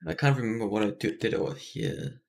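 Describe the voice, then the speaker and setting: A man's voice: lowish voice, fairly even intonation, a little fast, gravelly, darkish tone. A man thinking aloud while building in a game, mumbling and self-deprecating, in casual gameplay commentary. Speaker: streamer.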